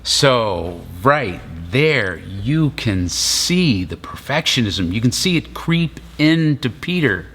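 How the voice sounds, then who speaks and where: A man's voice: medium pitch, very animated, takes it slowly, few pauses, a bit bright, slight background noise. A middle-aged man preaching a sermon in a conversational storytelling way, acting out the voices of the people in his story. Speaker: pastor.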